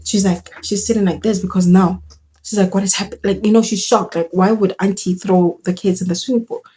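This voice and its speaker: Brief: young woman, storytime vlog, animated and slangy, mellow husky voice. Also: mid-range voice, brisk. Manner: animated, exclaiming, slangy with local words mixed in. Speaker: vlogger telling a story.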